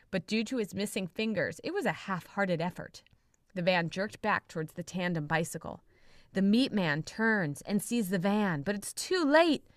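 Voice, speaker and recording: A woman reading a comedy story chapter aloud on a podcast, animated and quick to laugh, doing voices for the characters. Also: medium pitch, no echo, clean studio sound.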